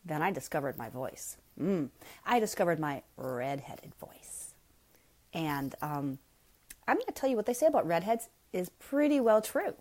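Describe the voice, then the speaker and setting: A middle-aged woman hosting a live parenting question-and-answer chat, talking in a blunt, frank and emphatic way and reading out viewer comments. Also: normal speed. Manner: animated, with sudden jumps up in pitch. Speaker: parenting coach host.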